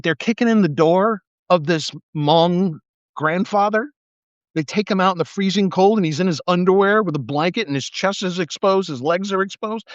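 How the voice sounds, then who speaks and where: A man's voice: high voice, no echo, muffled recording. A man, a former police officer, telling stories and ranting in a casual livestream monologue, acting out quoted voices and swearing often. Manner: animated, acts out quoted voices, profane, laughs. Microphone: livestream mic.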